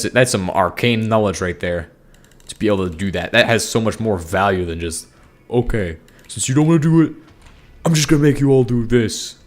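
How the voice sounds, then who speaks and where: A young man chatting casually over his gameplay, rambling loosely. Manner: rambling, bursts into high-pitched angry yelling. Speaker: gaming streamer.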